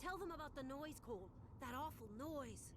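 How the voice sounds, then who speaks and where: A woman's voice: high-pitched, expressive, moderate pace, a crowd in the background. An actress playing an anxious, frightened female colonist in a video game. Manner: anxious, pleading. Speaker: rescued colonist. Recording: game audio with music underneath.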